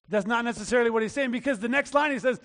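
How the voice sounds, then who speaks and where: A man preaching a sermon in a casual, talky way, acting out quotes and breaking into shouts. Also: very high voice, racing, big-room sound. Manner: conversational preaching with acted-out quotes and sudden shouts. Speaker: pastor.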